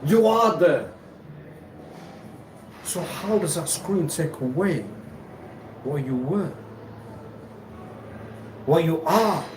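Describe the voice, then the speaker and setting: A man hosting a live stream, rambling and halting, who repeats himself and laughs often. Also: on the high side, lively intonation, distant mic. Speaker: livestream host. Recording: echoey room, off-mic, noisy ambience.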